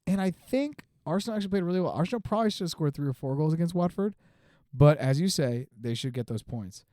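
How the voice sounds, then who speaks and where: Man, quick teasing banter, mellow dark tone, podcast co-host. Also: a little high, animated, dry recording, studio quality. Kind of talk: casual sports chat. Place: home podcast studio.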